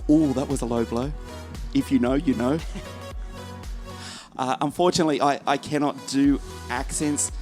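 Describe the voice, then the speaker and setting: A man's voice: medium pitch, normal speed, long pauses, faint music behind. A man commentating live on a karting race from the commentary box, reeling off drivers and teams and joking with his co-commentator. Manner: lively, joking banter between race calls.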